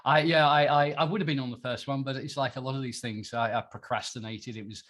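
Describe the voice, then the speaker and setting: A man's voice: medium pitch, fairly even intonation, quick pace, a bit bright. Chatty middle-aged British man. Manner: chatty, self-deprecating, laughs often, many restarts. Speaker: podcast guest, entrepreneur. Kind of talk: casual interview chat.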